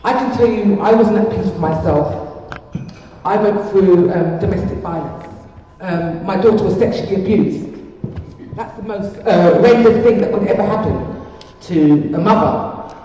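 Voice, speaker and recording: A woman's voice: medium pitch, a little slow, mellow, slight background noise. An older woman giving a heartfelt, rambling personal testimony at a community event, often repeating her phrases. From England. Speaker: speaker at a community peace event. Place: large hall. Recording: echoey hall from far off, muffled.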